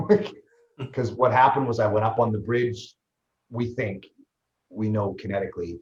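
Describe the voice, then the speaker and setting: A man, a guest on an interview show, telling his story in a lively, fast way with many restarts. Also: fairly low pitch. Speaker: guest, ultraman athlete and trainer. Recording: roomy, slightly dull sound.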